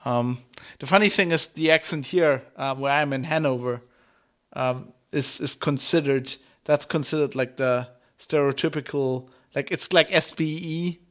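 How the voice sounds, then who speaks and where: Chatty man, higher voice. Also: fairly bright tone. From rural Germany. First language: German. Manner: chatty, quick to laugh. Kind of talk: casual podcast chat.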